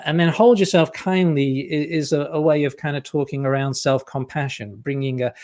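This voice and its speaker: A man, a guest psychologist and author, explaining ideas in a relaxed, chatty way with many fillers over a video call. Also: medium pitch. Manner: relaxed, frequent fillers, self-deprecating humour. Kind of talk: casual explanatory interview talk. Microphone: earpiece on a video call.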